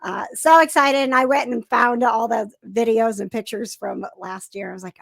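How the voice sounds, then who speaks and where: A woman hosting a casual chat show, bubbly and excitable, talking quickly. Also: a little high, gravelly, dry recording. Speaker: podcast host.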